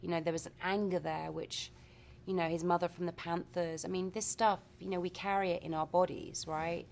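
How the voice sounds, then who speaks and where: A woman answers interview questions in a reflective, affectionate way. Her voice sits a little low and has a gravelly fry. It is a relaxed press-junket chat. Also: brisk, a little hiss or hum. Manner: warm, reflective, says darling. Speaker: actress guest.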